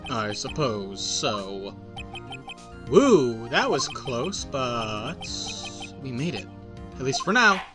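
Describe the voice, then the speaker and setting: A man's voice: medium pitch, very animated, slow. A man giving rambling, joking commentary while playing a game, over game music. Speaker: gameplay host. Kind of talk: casual gameplay commentary.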